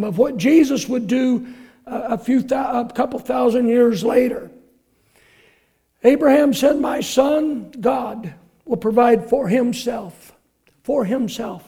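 A man preaching a sermon, reading scripture with emphasis, shouting some quotes and dropping to quiet asides for the congregation. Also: very high-pitched.

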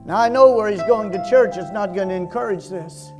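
A man preaching a sermon as pastor, slow and emphatic, rising to loud peaks and dropping to soft, quiet passages. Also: high voice, music in the background. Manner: slow, emphatic preaching that swells and drops in loudness.

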